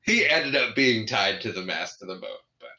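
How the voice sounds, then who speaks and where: Low bright-toned man recapping a movie. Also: animated, moderate pace, dull audio. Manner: retells scenes with frequent restarts and laughter. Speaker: podcast co-host. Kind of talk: casual movie review chat.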